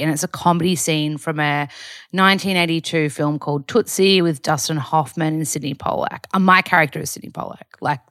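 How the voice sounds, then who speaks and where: A woman's voice: sits low, a bit bright, dry recording, studio quality. A woman with an Australian accent hosting a casual diary podcast, chatting in an upbeat way and sprinkling in "like". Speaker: podcast host. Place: small closed room at home.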